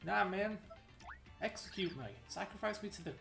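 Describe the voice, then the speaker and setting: A woman's voice: medium pitch, normal speed, creaky, close to an everyday voice. A woman voicing a dim-witted male rock-creature chief who talks in broken grammar and surfer slang, with a made-up Italian-country accent. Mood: laid-back. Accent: made-up accent, Italian with a country twang. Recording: echoey room with game music.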